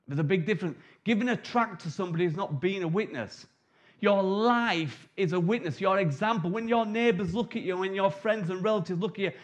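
A middle-aged man preaching a sermon, telling the story vividly and acting out the disciples' lines in quick asides. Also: sits high.

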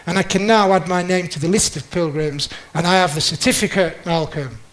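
A man's voice: high voice, steady tone, fairly quick, fairly bright tone, poor audio. A man telling a personal story in a talk, chatty and self-mocking, acting out what others said. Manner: chatty, self-mocking, acts out quoted lines. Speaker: speaker giving a talk with slides.

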